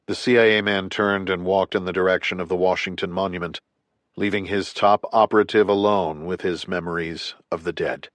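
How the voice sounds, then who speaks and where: Male narrator, very low voice, steady thriller reading, dry close studio sound. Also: fairly quick, dry recording. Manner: steady, even storytelling delivery. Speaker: audiobook narrator.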